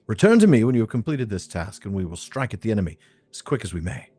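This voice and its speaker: Man reading out a grave quest-giver from a fantasy game, solemn archaic wording, lower-pitched voice, rising and falling freely, dry close sound. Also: big pitch swings, quick pace, mellow, husky, no room sound. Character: grave male quest-giver addressing a hero.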